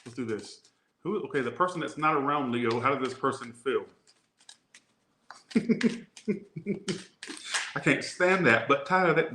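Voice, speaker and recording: A man's voice: medium pitch, lively intonation, a little slow, pauses often, pushed and bright, a little hiss or hum. A man with a Southern US accent giving a casual tarot reading, rambling into crude jokes. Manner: joking, rambling, crude asides. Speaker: tarot reader. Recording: echoey room.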